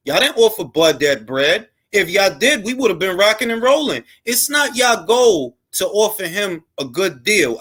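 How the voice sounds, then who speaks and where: High-voiced man ranting emphatically. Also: pushed and bright. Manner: emphatic, profane, repetitive ranting. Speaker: boxing content creator and host. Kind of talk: heated casual commentary.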